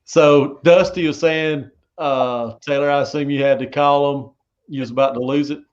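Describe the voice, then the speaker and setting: Male show host, folksy relaxed talk, dull lo-fi stream audio. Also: on the high side, normal speed. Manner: relaxed, folksy, repeats himself. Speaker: host of a live fishing show. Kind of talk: casual live-stream interview.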